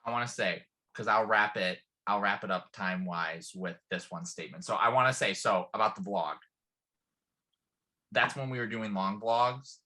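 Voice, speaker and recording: A young man co-hosting a channel, chatting casually in an animated, dramatic way, with big vocal jumps when he quotes himself. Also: on the low side, moderate pace. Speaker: channel co-host. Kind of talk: casual storytelling chat.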